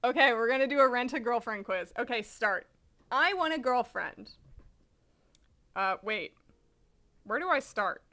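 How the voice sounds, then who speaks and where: A woman streamer reading a manga aloud, chatty and animated, swearing freely. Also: on the high side, measured pace, pauses often. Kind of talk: casual live-stream commentary.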